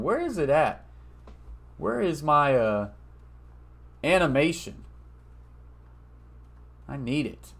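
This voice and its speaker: A man hosts a casual live sports watch-party stream. He reads viewer comments aloud and thanks people by name. He turns loud and excited when donations arrive. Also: a little high, slow, creaky, pauses often.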